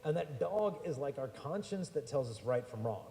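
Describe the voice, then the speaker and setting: Mellow-voiced man telling stories in an echoey church. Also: mid-range voice, moderate pace, gravelly. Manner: chatty, animated storytelling, slangy asides. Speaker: speaker addressing young people. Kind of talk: lively humorous talk to a live audience.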